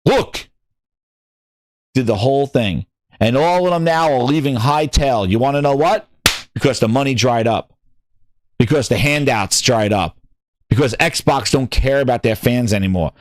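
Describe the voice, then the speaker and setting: A man's voice: medium pitch, normal speed, pauses often, no room sound, clean studio sound. A man hosting a gaming news channel, ranting in a heated way with swearing and repeated words. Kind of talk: ranting commentary.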